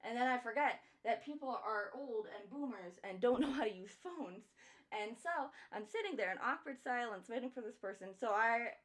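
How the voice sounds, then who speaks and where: A woman's voice: mid-range voice, a bit bright. A young woman streamer chatting casually while she draws, telling a work story with frequent swearing and laughter. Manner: chatty, swears often, laughs between lines. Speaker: streamer and artist.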